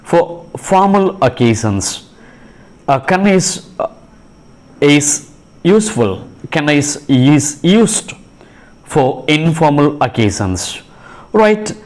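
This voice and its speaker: A man teaching classroom phrases, pausing often with fillers and restarting sentences as he reads out examples. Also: a little high, sing-song, a little mellow. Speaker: English teacher. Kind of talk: classroom English lesson.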